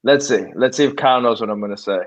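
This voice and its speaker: A man's voice: medium pitch, fast talker, highs cut off. A young man co-hosting a podcast, casual and profane, laughing through loose banter. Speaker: podcast co-host. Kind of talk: casual chat.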